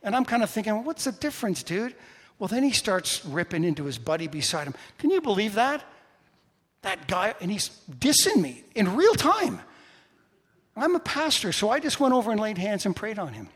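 A male pastor preaching a sermon, telling a personal story with animated swings between loud and hushed delivery. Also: sits high, a little fast, husky. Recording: reverberant church hall.

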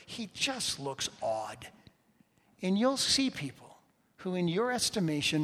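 Pastor preaching in a reverberant hall. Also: male voice, fairly high pitch, a bit bright. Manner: storytelling, conversational, with humorous asides. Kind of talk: sermon.

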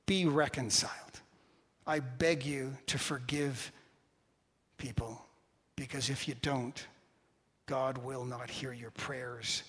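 A male pastor preaching a sermon, telling a personal story with animated swings between loud and hushed delivery. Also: mid-range voice, slow pace, pauses often, breathy edge. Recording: reverberant church hall.

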